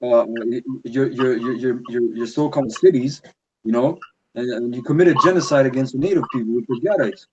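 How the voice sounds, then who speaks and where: A man in a casual religious discussion, talking in an animated, heated way and often ending his sentences with "man.". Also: medium pitch, a little fast, lo-fi sound. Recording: noisy recording with clicks.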